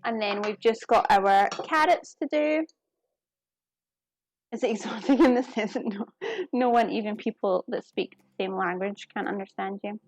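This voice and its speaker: A woman's voice: medium pitch, moderate pace, dry recording. A woman from the UK chatting casually with viewers while cooking in a kitchen, giggling often. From United Kingdom. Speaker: cooking streamer. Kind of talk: casual live-stream chat while cooking. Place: home kitchen.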